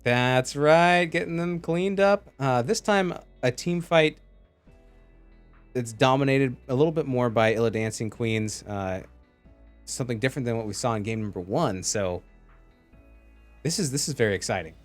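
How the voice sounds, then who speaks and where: A man's voice: medium pitch, normal speed, faint music behind. A man casting a live esports match, chatty and joking as he reads out chat messages. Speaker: esports caster.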